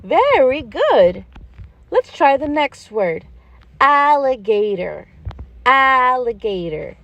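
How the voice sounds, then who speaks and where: A woman voices a gentle, patient gazelle schoolteacher in a cartoon-style toy lesson, speaking slowly in a high, lively, sing-song lilt with an exaggerated voice. As a preschool teacher, she spells out words and warmly, frequently praises her small pupils. The recording is dry, close, and dull.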